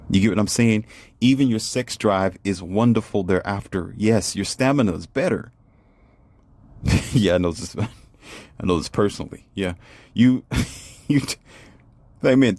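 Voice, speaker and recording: A man with a somewhat low, mellow voice tells a boastful, animated story. He keeps asking his listener rhetorical questions. The sound is close and dry. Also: no echo. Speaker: vlogger. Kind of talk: casual monologue.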